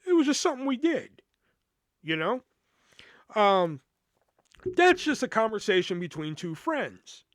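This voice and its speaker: A man with a fairly high voice tells a story in a loose, swearing, rambling way, the kind of casual retelling a podcast host gives. The sound is dry and close, with no room around it. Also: a little slow, pauses often, dry recording. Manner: profane, rambling, animated retelling.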